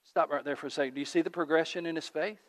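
A male pastor preaches to a gathered congregation in a fairly high voice, driving his points home through repeated phrases that build in intensity. The sound carries a long reverb tail from a large sanctuary. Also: steady tone, rapid-fire, a bit bright. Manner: emphatic, repetitive preaching cadence with rising builds. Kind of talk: sermon. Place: church sanctuary, livestreamed.

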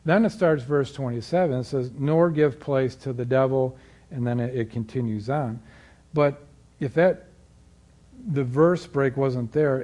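A man giving a sermon as a guest preacher, moving from halting, calm teaching to loud, fervent exhortation. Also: mid-range voice. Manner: halting restarts and fillers.

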